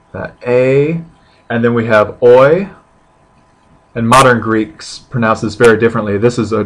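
A man teaching a casual language lesson, hesitant, full of restarts and drawn-out example sounds. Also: mid-range voice. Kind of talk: casual classroom lecture.

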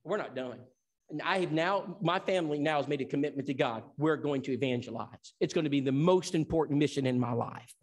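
A man's voice: on the high side, brisk. A man from Tennessee who teaches an evangelism seminar. He preaches in an emphatic storytelling style and acts out the dialogue. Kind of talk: sermon.

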